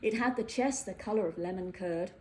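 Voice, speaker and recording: A woman reading a whimsical fairytale aloud, playful and animated. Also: mid-range voice, brisk, rough recording. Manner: playful, animated, with voiced characters. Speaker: storyteller. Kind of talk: storybook narration.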